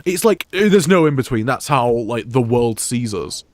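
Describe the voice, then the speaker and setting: Chatting loosely over his game, a young man from the United Kingdom speaks in a mid-range, expressive voice at normal speed. His English accent shows hints of Scottish, and his talk wanders, full of fillers and restarts.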